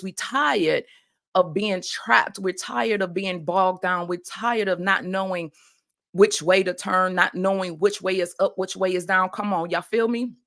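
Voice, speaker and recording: With a medium-pitched, fairly bright voice, this podcast host and life coach leads a faith-based motivational show. She takes a preacherly call-and-response approach, often calling out "y'all."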